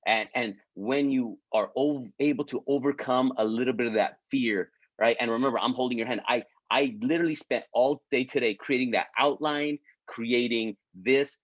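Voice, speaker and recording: A man's voice: medium pitch, moderate pace, few pauses, dry recording. Male coach, casual pep talk, restarts often, mid-range voice, close and dry, muffled lo-fi sound. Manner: repetitive, stumbling restarts, keeps asking "right?"; encouraging, pleading with listeners. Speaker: business coach leading an online group.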